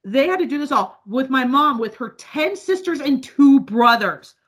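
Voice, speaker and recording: A woman from the northern US, chatting casually as a podcast co-host, loud, laughing often and swearing freely. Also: high voice, animated, moderate pace, husky. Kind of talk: casual chat.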